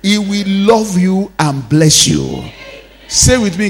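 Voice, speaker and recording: High-voiced fervent preacher man in a reverberant hall. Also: sing-song, slow pace, a faint crowd. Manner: fervent, chanting prayers and leading the congregation in declarations. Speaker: pastor. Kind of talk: sermon with prayer.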